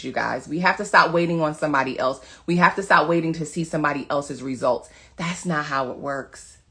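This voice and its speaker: Emphatic preachy woman, lowish voice. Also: a bit bright. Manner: emphatic, preachy, repeats commands. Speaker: wellness coach. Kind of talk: motivational social media monologue.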